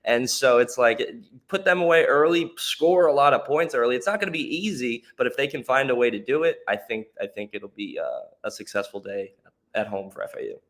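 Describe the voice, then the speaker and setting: A man's voice: medium pitch, lively intonation, brisk, a bit bright. A man co-hosting a sports podcast, giving his views in a casual way that thinks aloud with fillers. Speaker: podcast co-host.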